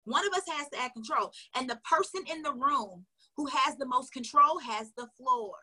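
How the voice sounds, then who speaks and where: A woman's voice: high voice, normal speed, pushed and bright, slightly rough. A woman sales coach giving casual, emphatic advice straight to her viewers, chatty and often laughing. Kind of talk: casual motivational coaching talk. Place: recorded for an online video.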